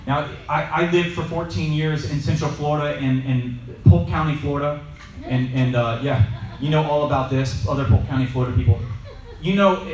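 Speaking at a normal pace with a fairly high pitch, a man casually teaches a Bible study, full of energy, sharing stories and asking the audience questions. A far-off mic captures the echoey room and slight background noise.

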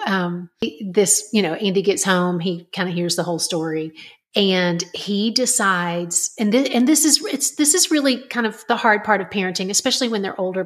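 A middle-aged woman, a parenting author, earnestly telling a family story as a podcast guest. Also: fairly low pitch. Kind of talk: conversational storytelling.

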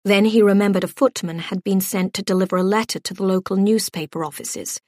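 A woman narrating an audiobook in a measured, gently expressive storytelling voice. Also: medium pitch, no room sound, clean studio sound.

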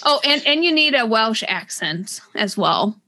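A young adult woman with a slightly high voice co-hosts a casual book podcast. She talks in an animated, gushing way, full of quick asides. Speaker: podcast co-host.

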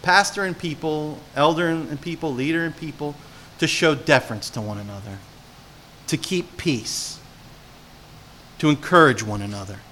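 A pastor from New Jersey preaches in a bright, forceful voice that sits a little high for a man. He tells lively stories and keeps asking his congregation questions. A faint ambience hangs behind him. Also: moderate pace, slight background noise. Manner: animated storytelling, asks the congregation questions. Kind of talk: sermon.

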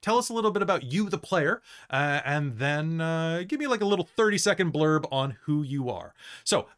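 Lively, chatty game master from the States. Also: medium pitch, moderate pace. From United States. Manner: chatty, loose, jokey. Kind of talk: casual chat introducing the cast.

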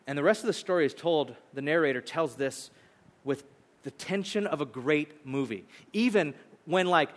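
A male pastor preaching a sermon, retelling a story in an animated, conversational way. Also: fairly high pitch. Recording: long hall reverb.

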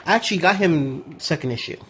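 A man's voice: fairly high pitch, lively intonation, a little fast, a bit bright, slightly rough. A man hosting a podcast, chatting casually, laughing easily and reading out listener emails. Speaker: podcast host.

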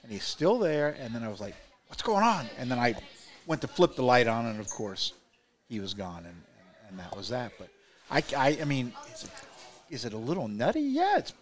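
A man co-hosting a podcast, telling a story in casual chat with lively rises and soft trailing ends, recorded at a bar table. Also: mid-range voice, brisk. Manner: animated storyteller who trails off quietly. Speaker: podcast co-host.

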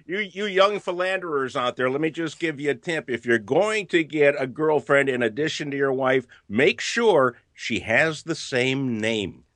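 A man hosts a comedy news podcast, chuckling as he tells odd stories and often restarting his sentences. His voice is higher than most men's and bright, with a lively, swooping pitch. The sound is dry and close to the mic. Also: moderate pace, few pauses, no room sound. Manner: chuckling, jokey, stumbling restarts. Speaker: podcast host.

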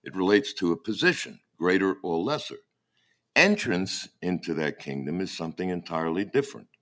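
Deep-voiced man preaching a sermon. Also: expressive, fairly bright tone. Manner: halting, repeats words as he searches. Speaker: pastor.

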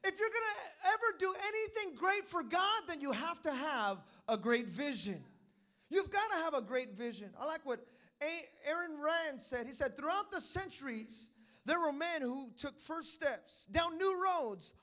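A young man preaching a sermon in a church as pastor, telling stories and calling for amens, building to loud climaxes. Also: very high-pitched, sing-song, measured pace.

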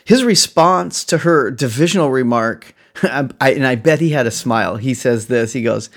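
A man preaching a sermon, animated and chuckling, acting out the lines of people in the story as he retells it. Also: a little high, a little slow. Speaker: pastor.

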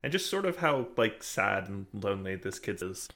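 Lively man recapping a show. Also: lowish voice, moderate pace. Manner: lively, self-deprecating, narrates plot with fillers. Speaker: podcast co-host. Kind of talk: casual chat recapping a TV episode.

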